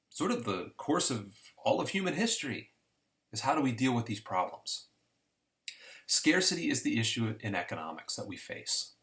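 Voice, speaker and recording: A man's voice: medium pitch, a bit bright. A man teaching an introductory economics lesson in a conversational, storytelling way with homespun examples. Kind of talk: casual recorded lesson.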